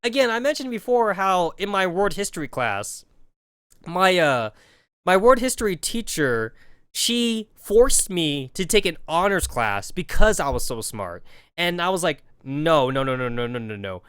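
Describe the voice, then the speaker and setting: A man's voice: sits high, very animated, unhurried, a bit bright, clean tone, no room sound. A man streaming and telling a rambling story with lots of fillers, on a close mic. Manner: rambling, filler-heavy, jumps between voices. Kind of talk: casual storytelling.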